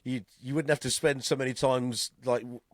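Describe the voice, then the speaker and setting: A man's voice: medium pitch, steady tone, moderate pace, no echo. English guy cohosting a podcast, casual chatty, laughs a lot, swears, dry close sound. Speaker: podcast co-host. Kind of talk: casual chat.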